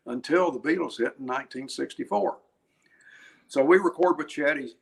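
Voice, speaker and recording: An older man, a guest musician, telling anecdotes in an interview in a chatty, animated way, laughing and restarting his phrases. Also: mid-range voice, vocal fry.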